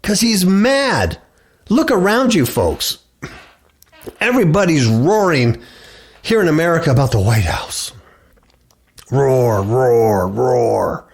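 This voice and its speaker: A man's voice: medium pitch, sing-song, slow pace, gravelly, pauses often, breathy edge. A middle-aged man hosting a radio show, preaching and reading scripture aloud. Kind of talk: preaching bible commentary.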